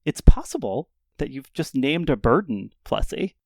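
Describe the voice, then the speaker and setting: A man running a tabletop game as game master, setting scenes in a descriptive, measured way. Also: medium pitch, sing-song, creaky, darkish tone, no echo.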